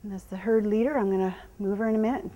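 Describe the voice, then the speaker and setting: A middle-aged woman horse trainer teaching a live clinic, calmly explaining as she works a horse and slipping into soft praise and hushed whispers to it. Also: mid-range voice, rapid-fire, in a large hall, highs cut off. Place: horse arena during a clinic.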